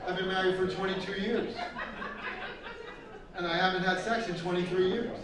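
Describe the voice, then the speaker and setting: A man's voice: high voice, little pitch movement, normal speed, background noise. A middle-aged man doing live stand-up comedy with crude, teasing crowd work, laughing at his own jokes. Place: live event stage with audience. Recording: echoey hall taken from a distance with music.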